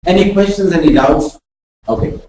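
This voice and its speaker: A woman teaching a pronunciation lesson, demonstrating sounds with deliberate exaggeration. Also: on the low side, warm tone, a little hiss or hum. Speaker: communication skills trainer. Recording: very echoey room, voice far from mic.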